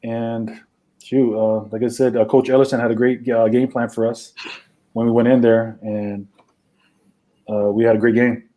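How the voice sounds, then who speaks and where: A man from Hawaii, a former football player, recalling his career in a relaxed interview chat with lots of fillers. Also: medium pitch, moderate pace. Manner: relaxed, many fillers, acts out phone calls.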